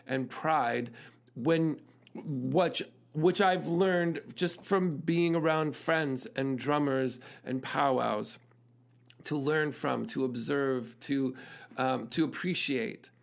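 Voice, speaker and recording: A middle-aged musician who hosts his own podcast tells a story earnestly and reflectively, laughing often and restarting his sentences. His voice is a little high.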